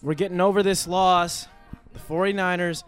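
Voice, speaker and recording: A young man hosts a talk show from a studio, his voice high and his delivery loud and playful. He jokes around and often raises his voice to a shout. Faint music plays behind him. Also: moderate pace. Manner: energetic, jokey, sometimes shouting. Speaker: radio show host. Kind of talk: hyped talk show banter. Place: radio studio.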